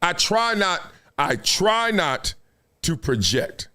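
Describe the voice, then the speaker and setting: A man hosting a live sports talk stream, lecturing his viewers in a casual, slangy, animated way with laughs between points. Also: high-pitched, slow pace. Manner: animated, preachy, drops into quoted voices. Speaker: sports talk show host. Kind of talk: live-streamed commentary monologue.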